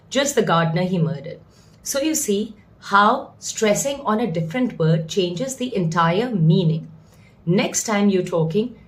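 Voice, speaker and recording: Young female English teacher, lowish voice, clear deliberate delivery with pointed word stress. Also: a little hiss or hum. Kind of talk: spoken English lesson.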